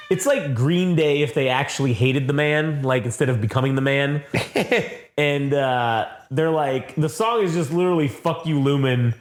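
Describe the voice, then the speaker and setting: A man co-hosting a casual show review, recapping the plot in a loose, profane way and acting out quick quotes. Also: mid-range voice. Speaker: podcast co-host.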